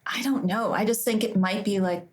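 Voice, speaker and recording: A woman's voice: medium pitch, normal speed. Chatty, self-mocking middle-aged woman. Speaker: podcast co-host, illustrator. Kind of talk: casual podcast chat.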